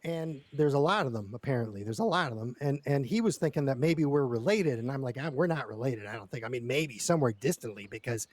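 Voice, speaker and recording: A man's voice: mid-range voice, animated, fast talker, hardly any pauses, a little mellow. A man telling a long story in character during a roleplay session, rambling and stammering with lots of repeated words and casual swearing.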